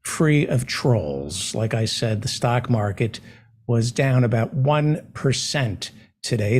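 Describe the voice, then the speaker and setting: A man hosting a live talk show, delivering a sarcastic monologue that swings from loud outbursts to muttered asides. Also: mid-range voice, slightly rough. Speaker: podcast host. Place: small room overlooking an air shaft.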